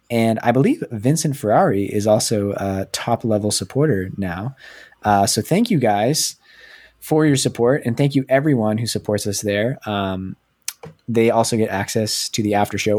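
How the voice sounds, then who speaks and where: A man's voice: lowish voice, darkish tone, breathy edge. A man hosting a podcast, talking loosely in a casual, self-deprecating way. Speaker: podcast host.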